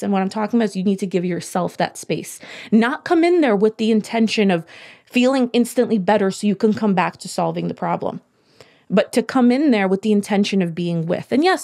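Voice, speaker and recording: Woman guest coach, mid pitch, steady and emphatic, repeats key points. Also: vocal fry. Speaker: podcast guest, healing coach. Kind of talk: explaining in conversation.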